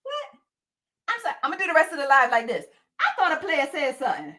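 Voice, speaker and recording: A woman host on a casual livestream, talking straight to her viewers. Her voice sits high and swings up and down all the time. The tone is bright and a little sharp. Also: quick pace. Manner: animated, playful, chatty with viewers.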